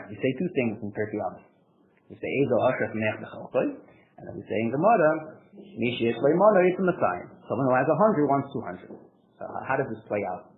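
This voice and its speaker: A man giving an animated Torah class, mixing in Yiddish and Hebrew words. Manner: animated, rises in pitch when stressing points; sprinkles Yiddish and Hebrew terms into talk. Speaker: Torah teacher. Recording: phone-like lo-fi recording with faint noise.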